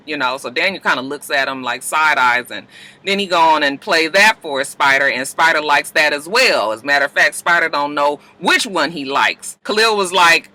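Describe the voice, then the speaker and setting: A man casually recapping a TV episode in an animated, chatty way, with frank, salty asides. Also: a little high, normal speed. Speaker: TV episode reviewer.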